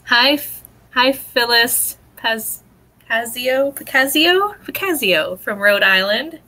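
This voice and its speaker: A woman's voice: a little high, lively intonation, takes it slowly, pushed and bright, rough recording. A woman hosting a casual livestream, greeting viewers and reading comments, laughing often. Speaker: host.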